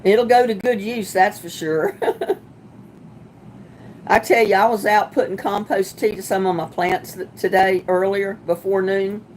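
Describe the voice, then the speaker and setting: A woman's voice: medium pitch, steady tone, a little slow, a little mellow, slight background noise. Chatty woman hosting a livestream. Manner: chatty, sympathetic, laughs often. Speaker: livestream host. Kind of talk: casual livestream chat reading viewer comments.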